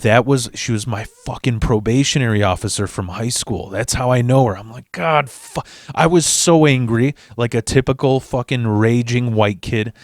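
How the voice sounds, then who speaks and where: A man rambles through a profane, comedic personal story, performing the dialogue in shifting voices and swinging between fast and slow delivery. His voice sits in the mid range, recorded with clean studio sound and no echo.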